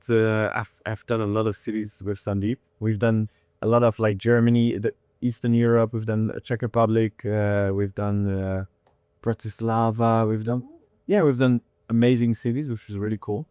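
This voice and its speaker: A man's voice: on the low side, normal speed, clean tone, dry recording, studio quality. A man in his thirties, a comedian telling candid stories in a casual interview, acting out quotes as he goes. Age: 30s. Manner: candid, animated storytelling with acted-out quotes. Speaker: comedian guest.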